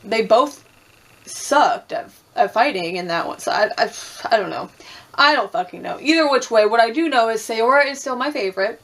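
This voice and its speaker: A woman's voice: a little high, moderate pace, fairly bright tone. A young woman chatting casually through a reality TV recap, swearing freely, acting out quotes and laughing often. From Puerto Rican and Cuban heritage.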